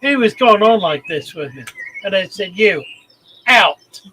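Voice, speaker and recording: An older man hosting his channel, retelling personal anecdotes in a deliberate, emphatic way with heartfelt pauses. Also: high-pitched, lively intonation, fairly bright tone, poor audio. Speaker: channel host. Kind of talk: storytelling anecdote.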